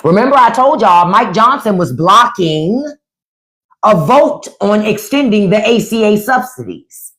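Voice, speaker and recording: Somewhat slowly, a middle-aged woman offers casual political commentary on her livestream, her lively pitch rising and falling. Blunt, profane and animated, she keeps breaking into mocking impressions of those she's discussing.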